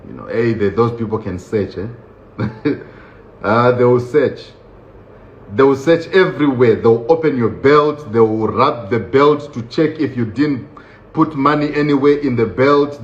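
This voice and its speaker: Man from nigeria, animated storyteller, laughs a lot, roomy dull-sounding recording. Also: mid-range voice, a little hiss or hum. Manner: animated, laughs often, acts out voices. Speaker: guest telling his story. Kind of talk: casual storytelling.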